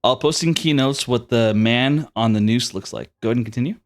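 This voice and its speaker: A man's voice: medium pitch, brisk. A man narrating a tabletop game as game master, with easygoing, descriptive storytelling.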